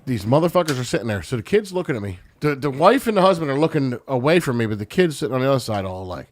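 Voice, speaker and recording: A man telling a story in casual podcast chat, animated and profane, laughing often. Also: mid-range voice, racing, slight background noise.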